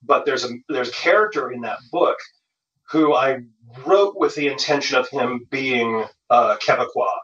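A man with a bright, forceful voice tells animated stories and often restarts his sentences. He sounds set back from the mic in a roomy, echoing space. The sound is dull and lo-fi, like call audio. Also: mid-range voice, moderate pace, recorded from a distance. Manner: animated storytelling with frequent restarts. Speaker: guest author. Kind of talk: casual interview chat.

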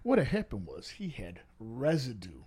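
Crowd noise fills the background as a man with a mid-range voice and moderate pace tells his crude podcast stories. Once a police officer, he's animated and profane, voicing the characters himself in this casual, humor-laced storytelling.

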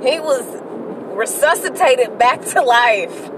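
A Bay woman in her early thirties vents candidly on her solo podcast, swearing freely and rambling into sudden outbursts. Her fairly high voice sits away from the mic. Steady car road noise runs behind her. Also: slow, far from the mic. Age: early 30s. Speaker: podcast host. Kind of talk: casual solo podcast venting. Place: inside a car on the freeway.

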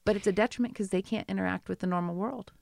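A woman's voice: mid-range voice, racing, creaky, darkish tone, no echo, clean studio sound. A woman in her thirties in a casual conversation, talking chattily with many asides and telling stories about her children. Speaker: guest.

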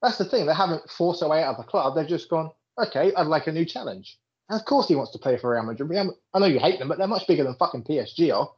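A man's voice: on the high side, expressive, quick pace, darkish tone. A British man co-hosting a podcast, chatting about football with lots of laughter and swearing. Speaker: podcast co-host. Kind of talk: casual chat about football. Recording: dull lo-fi recording.

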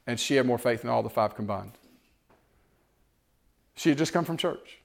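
A man preaching a sermon, swinging between loud exhortation and quiet storytelling. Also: medium pitch, moderate pace, gravelly. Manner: animated, rising to loud exhortation and dropping to quiet, tender storytelling.

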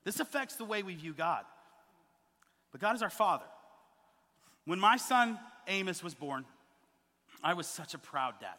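A man in his thirties preaching a sermon as a pastor, telling stories with lively acted-out quotes. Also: high voice, a little slow, pauses often, big-room sound. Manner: animated storytelling, acting out quoted voices. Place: church sanctuary.

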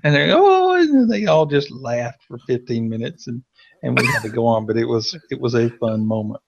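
A man with a light Southern accent and a gravelly edge to his voice talks cigars in relaxed, chatty fashion. He laughs easily and often while telling a story. The recording sounds dull and lo-fi. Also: mid-range voice, a little fast. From Tennessee, US. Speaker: cigar podcast co-host. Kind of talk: casual chat.

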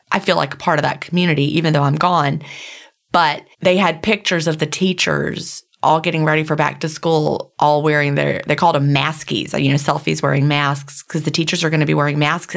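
Low, gravelly woman co-host. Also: fairly bright tone. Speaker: podcast co-host. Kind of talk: casual podcast chat.

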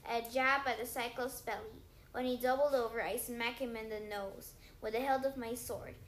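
A woman reading a story aloud in first person, lively, with small stumbles and self-corrections. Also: on the high side, moderate pace, roomy sound, low-quality recording. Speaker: audiobook reader.

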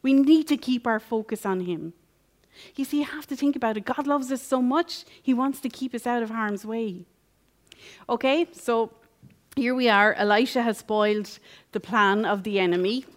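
A woman's voice: a little high, moderate pace. A woman teaching a Bible passage as a sermon, repeating key phrases and asking rhetorical questions.

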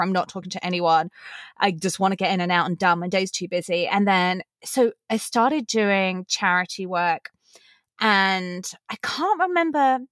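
A woman's voice: mid-range voice, fairly bright tone, no echo, clean studio sound. A woman guest on a podcast, talking earnestly and at length, laughing between thoughts. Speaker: podcast guest, pageant contestant. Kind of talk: casual podcast interview.

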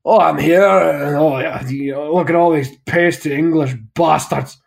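A man putting on a blunt, sweary Scottish award winner with a low, grumbling voice. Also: fairly even intonation, normal speed, gravelly.

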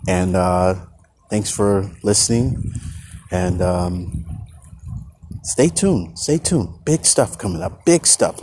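A man's voice: fairly low pitch, darkish tone, slight background noise. A middle-aged man hosting a casual podcast, rambling loosely outdoors on a bike trail, restarting and repeating words. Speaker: podcast host.

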